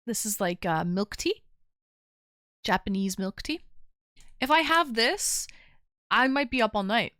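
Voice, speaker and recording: A woman hosts a call-in livestream in a loose, chatty way, teasing her callers, and she sounds tired. Her voice is smooth and clear. The sound is close and dry. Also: on the high side, animated, unhurried, long pauses, a bit bright, dry recording. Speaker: livestream call-in show host. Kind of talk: casual chat.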